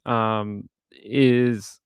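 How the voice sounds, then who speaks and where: A man's voice: lowish voice, fairly even intonation, extremely slow, smooth, no room sound, narrow, tinny audio. A man who hosts a true crime stream, rambling and indignant as he comments on videos. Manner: rambling and indignant, with frequent restarts. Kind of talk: casual commentary while watching videos.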